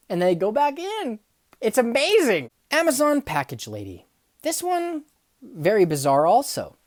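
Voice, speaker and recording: A young woman telling funny workplace stories, acting out the people in them and swinging from hushed asides to loud outbursts. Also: a little high, measured pace, no echo, clean studio sound. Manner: animated, acts out dialogue, swings from hushed to yelling. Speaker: storyteller. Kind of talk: comedic storytelling vlog.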